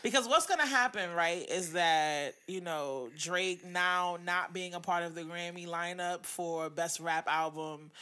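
Bright-voiced woman co-hosting a loose chat. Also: on the low side, little pitch movement, takes it slowly, hardly any pauses, clean tone. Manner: loose, swearing, laughing often. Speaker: podcast co-host. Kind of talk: casual chat.

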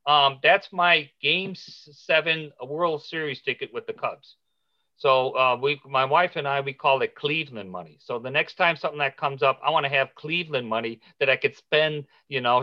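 A man's voice: on the high side, muffled recording. A middle-aged man as a podcast guest, chatty and jokey, telling stories in a loose, casual way. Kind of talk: casual interview chat.

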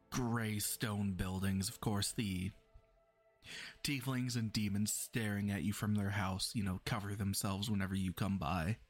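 A man narrating a tabletop role-playing session as game master, in a relaxed way and laughing often. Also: fairly low pitch.

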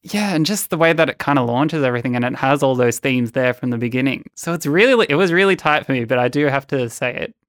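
A man's voice: mid-range voice, lively intonation, fast, few pauses, fairly bright tone, no echo, clean studio sound. A man co-hosting a podcast, chatting casually about comics and laughing often. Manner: chatty, laughs often, reads panels aloud. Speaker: podcast co-host.

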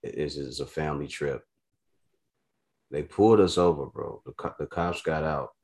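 A man from Chicago with a very low-pitched voice tells stories in casual, profane chat. He is an animated talker who gets worked up as the tale builds. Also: moderate pace. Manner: profane, animated storyteller who grows heated.

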